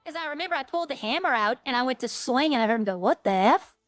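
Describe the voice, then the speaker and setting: A woman with a slightly high voice chats casually as she streams a game, rambling and thinking aloud. Her voice sounds close and dry, with faint music underneath. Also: expressive, rapid-fire, a bit bright, dry recording. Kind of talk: casual gameplay chat.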